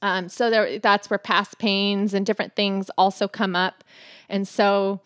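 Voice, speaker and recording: A woman's voice: medium pitch, little pitch movement, measured pace, clean tone, no echo, clean studio sound. A woman talks candidly about her marriage in an earnest, reflective way. She laughs often as she tells the story in a casual faith-based chat. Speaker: podcast co-host, wife.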